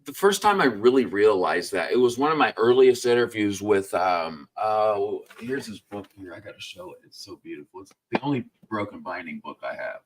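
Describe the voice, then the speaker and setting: A man hosting a casual live-stream chat about books, easygoing and quick to laugh. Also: lowish voice, very animated, slight background noise.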